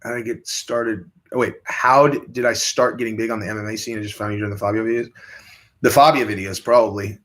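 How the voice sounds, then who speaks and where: A man's voice: steady tone, quick pace, a bit bright. A young man hosting a casual livestream, reading viewer questions and rambling in a crude, offhand way. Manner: rambling, crude, jumps into high mocking voices when quoting. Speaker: livestream host.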